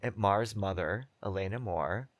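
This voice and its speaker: A woman's voice: extremely low pitch, measured pace. A woman co-hosting a podcast, chatting casually and wryly as she comments on a film, laughing often. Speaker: podcast co-host. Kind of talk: casual movie commentary chat.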